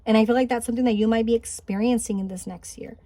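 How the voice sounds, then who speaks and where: A woman with a fairly high voice leads a spiritual pick-a-card reading. She speaks in a gentle, encouraging way and thinks aloud, trailing into small restarts. The recording is close and dry. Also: fairly even intonation, quick pace, no echo. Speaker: tarot card reader. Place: home, Highland Park, California.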